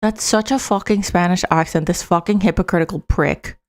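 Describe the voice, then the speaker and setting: A woman's voice: lowish voice, a little fast. A woman giving angry, profane political commentary over video clips, swearing and scornful.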